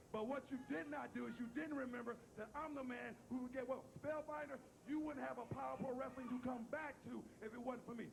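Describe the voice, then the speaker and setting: A man's voice: very high-pitched, fairly even intonation, fairly quick, vocal fry, hardly any pauses, over music. A man cutting a brash wrestling promo in a TV studio, repeating himself and taunting the crowd. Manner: brash, repetitive trash talk.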